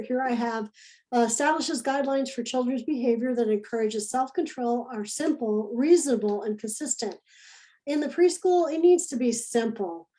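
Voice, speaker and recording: A woman's voice: high voice, warm tone, low-quality recording. A woman teaching early childhood education in a recorded lesson, talking in a conversational, demonstrative way and repeating key phrases.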